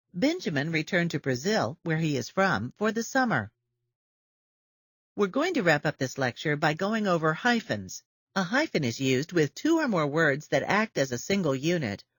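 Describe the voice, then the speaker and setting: Man lecturing with a lively, husky voice. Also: fairly high pitch, no room sound, studio quality. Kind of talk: lecture reading example sentences.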